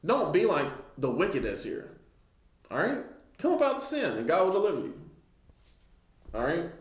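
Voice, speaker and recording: A man teaching an informal Bible lesson, reading old scripture slowly and with emphasis, and often asking "right?" to check in with his listeners. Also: a little high, huge pitch swings, roomy sound.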